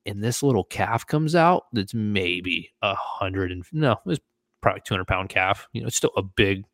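Guy on a podcast telling a wild travel story, kinda low voice, acts out everybody's lines, dry no-room sound. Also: moderate pace, no echo. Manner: animated, acts out quoted voices. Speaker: podcast host. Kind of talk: casual storytelling.

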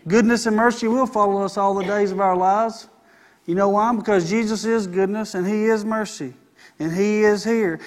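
With a high-sitting voice that carries a darkish tone, a middle-aged man preaches as a pastor. Throughout the sermon he calls out for an "Amen" from the congregation.

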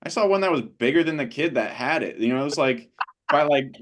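A man's voice: fairly high pitch, animated, brisk. A man co-hosting a casual podcast chat, rambling with many fillers. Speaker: podcast co-host.

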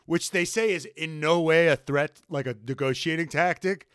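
A young American man co-hosting a casual, profane podcast chat, excitable and fond of mock impressions. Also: fairly high pitch, moderate pace, clear, resonant tone, dry recording, studio quality. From United States. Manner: excitable, swears a lot, mock-posh impressions. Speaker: podcast co-host.

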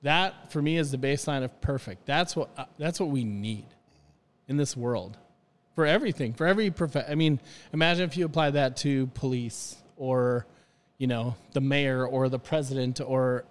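A man's voice: mid-range voice, moderate pace, long reverb tail. A man on a podcast talking earnestly about hospitality in a rambling, casual way with many restarts.

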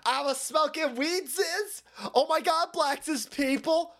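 A man putting on a mocking impression of a woman politician, high and drawn out. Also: measured pace, a bit bright, exaggerated voice.

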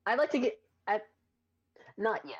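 A woman's voice: mid-range voice, very animated, moderate pace, slightly rough, no echo. A woman playing a tabletop game, making wry joking asides. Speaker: player. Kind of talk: casual tabletop play. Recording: dull lo-fi mic.

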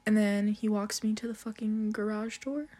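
A woman's voice: mid-range voice, level tone, mellow. A young woman telling a casual, profanity-laced story, laughing often as she talks. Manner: slow, drawn-out delivery with frequent swearing and laughter.

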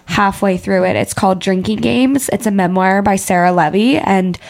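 A woman's voice: mid-range voice, steady tone, normal speed, gravelly, darkish tone. A woman in her twenties co-hosting a podcast in candid, casual chat, full of fillers and sounding congested. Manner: open and candid, many "like" fillers. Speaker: podcast co-host.

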